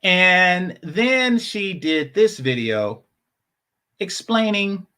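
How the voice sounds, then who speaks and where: Male commentary host, sarcastic and repetitive, slow and deliberate delivery, bright voice. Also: high voice, lively intonation, smooth. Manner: sarcastic, repeats points for emphasis. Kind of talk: casual video commentary.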